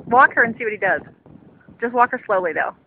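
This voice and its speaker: A woman's voice: fairly high pitch, lively intonation, fast, no room sound, narrow, tinny audio. A woman talking sweetly to her dog in a casual home video outdoors. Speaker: dog owner filming her pet.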